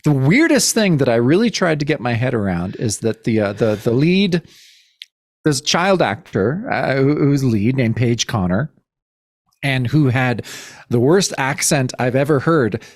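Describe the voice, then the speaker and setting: A man co-hosting a casual film podcast, emphatic and animated, swearing casually. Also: medium pitch, measured pace, no echo, clean studio sound. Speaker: podcast co-host.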